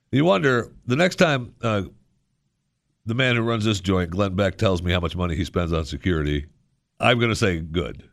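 A man hosting a radio show, talking in a rambling, sarcastic monologue with animated asides. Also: low-pitched, no room sound, clean studio sound. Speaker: radio host. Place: radio studio.

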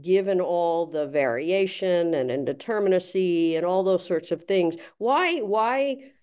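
A woman's voice: on the low side, lively intonation, a little slow, darkish tone, smooth. A woman interviewing an author, asking long rambling questions packed with fillers. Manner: rambling, full of "you know" fillers.

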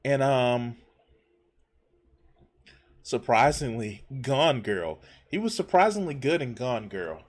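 A man with a mid-pitched, ordinary voice talks bluntly over a clip he is reacting to. He swears freely and stops and restarts as he works out his point, in a loose streamer style. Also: big pitch swings, slow pace, long pauses. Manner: blunt and profane. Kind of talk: casual reaction commentary.

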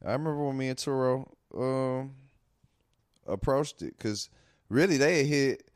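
Brief: male comic and open mic host, mid-pitched, relaxed rambler, dry close sound. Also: a little slow, smooth, dry recording. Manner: laid-back, rambling, laughs a lot. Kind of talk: casual chat.

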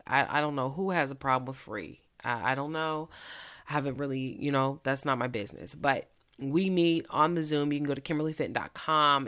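A woman host and mentor giving a chatty, energetic motivational talk, with quick bursts of speech. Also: sits low.

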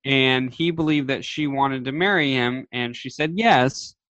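A man's voice: mid-range voice, unhurried, no echo, highs cut off. A man co-hosting a casual chat, ranting animatedly and quoting others. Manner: animated rants with quoted voices. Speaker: podcast co-host.

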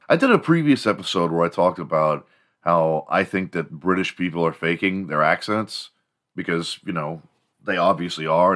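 A man's voice: sits low, a bit bright. A man from Houston hosting a podcast, talking in a crude, joking, rambling solo monologue. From Houston, Texas. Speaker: podcast host.

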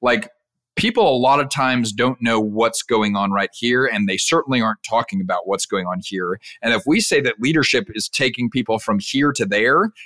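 Bright-voiced man, dry close sound. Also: mid-range voice, normal speed, no room sound. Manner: animated storyteller, laughs often. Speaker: podcast guest, leadership speaker. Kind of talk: casual interview.

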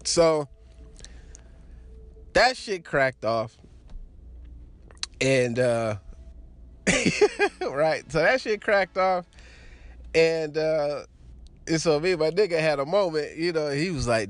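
A man's voice: fairly high pitch, sing-song, slow, long pauses. A young adult man casually telling a crude personal story, laughing often and acting out the voices of the people in it.

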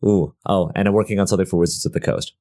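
Deep-voiced game designer guest. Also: male voice, racing. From Canada. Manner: relaxed, rambling with fillers. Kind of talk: casual interview chat.

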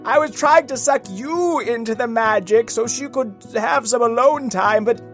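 A podcast host voicing a boastful, bumbling male wizard in an improvised kids' story, giggling and shouting spells. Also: mid-range voice, normal speed, soft background music, pitched above the performer's own voice, natural voice. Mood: defensive.

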